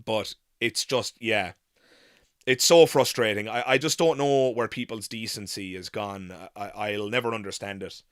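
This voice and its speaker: A man with a bright, forceful voice hosts a live Q&A, recounting a story with animated frankness and the odd casual swear. The sound is dry and close, with no room around it. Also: fairly low pitch, normal speed, clean tone, no room sound. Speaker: host.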